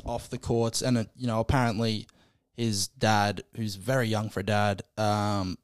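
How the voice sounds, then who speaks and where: A man co-hosting a sports podcast, talking in a relaxed, chuckling way with many fillers. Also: fairly low pitch, measured pace, smooth, no echo, studio quality. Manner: laid-back, chuckling, hesitant fillers. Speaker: podcast co-host. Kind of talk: casual sports podcast chat.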